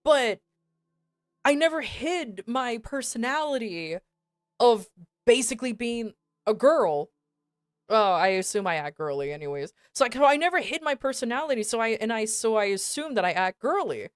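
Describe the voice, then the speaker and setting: A woman's voice: on the high side, normal speed, no room sound. A woman streamer telling a story to her chat in a casual, rambling way, swearing often. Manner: swears a lot, animated and rambling.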